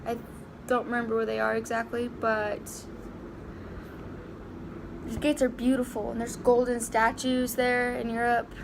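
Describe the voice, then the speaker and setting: A young woman vlogging a personal story to camera, halting and emotional, close to tears, with many fillers and restarts. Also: on the high side, little pitch movement, vocal fry, background noise.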